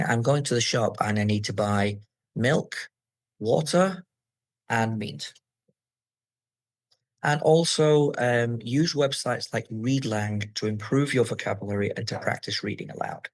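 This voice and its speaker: A man with a slightly husky voice gives a clear, instructive lesson on reading aloud for an English exam. He speaks at a middle pitch into a close mic in a dry room. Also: no room sound, poor audio. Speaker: English teacher.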